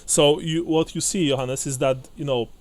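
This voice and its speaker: A man narrating as game master of a tabletop game, hesitant with many fillers and restarts, often breaking into quick laughs. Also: fairly high pitch, fairly even intonation.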